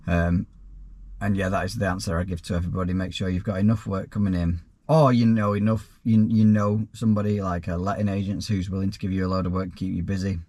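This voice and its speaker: A man's voice: low voice, flat delivery, fast, dark tone, no echo. A man, a self-employed plumber, answering viewer questions in a casual, rambling vlog with dry asides. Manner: easygoing and rambling, with frequent restarts and dry asides.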